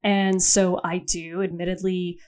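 A woman's voice: on the low side, little pitch movement, unhurried, darkish tone. A young adult woman co-hosting a podcast in casual, candid chat, swearing freely and restarting her sentences. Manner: candid, profane, self-interrupting. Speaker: podcast co-host.

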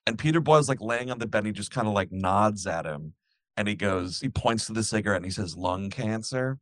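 A man's voice: fairly low pitch, fast, no echo. A man in casual podcast chat, rambling and acting out scenes as he retells them. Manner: rambling, animated, acts out scenes while retelling. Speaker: podcast co-host.

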